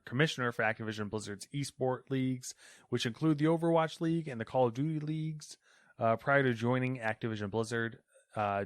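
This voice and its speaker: A man's voice: mid-range voice, a bit bright, smooth, dry recording, clean studio sound. A man co-hosting a gaming news podcast, telling stories in a rambling, casual way with many fillers. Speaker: podcast co-host reading news. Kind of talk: casual chat.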